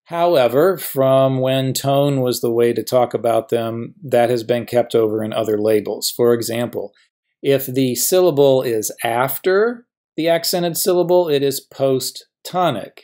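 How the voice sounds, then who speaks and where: A middle-aged man teaching a recorded grammar lecture, patient and methodical, slowing down to sound out each example word. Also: medium pitch, dark tone. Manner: patient, stretches out example words slowly. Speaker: professor teaching biblical Hebrew.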